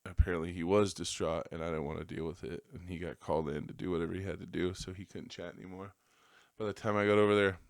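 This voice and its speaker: A man's voice: low voice, fairly even intonation, fast talker, no room sound. A man hosting a podcast, telling a rambling, profane story in a casual monologue and laughing at his own jokes. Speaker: podcast host.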